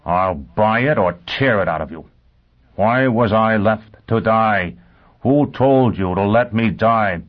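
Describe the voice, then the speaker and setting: A man voicing a vengeful, driven man who questions with calm ferocity. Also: lowish voice, slow, narrow, tinny audio, voice pushed up. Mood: menacing. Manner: cold, intense interrogation.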